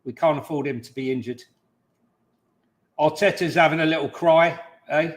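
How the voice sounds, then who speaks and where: Man, slightly high pitch, blunt jokey banter, live match reactions. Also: moderate pace. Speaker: co-host. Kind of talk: casual live watch-along chat.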